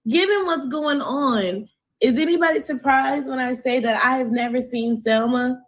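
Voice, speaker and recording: Higher-voiced woman, blunt and deliberate. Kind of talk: opinionated commentary.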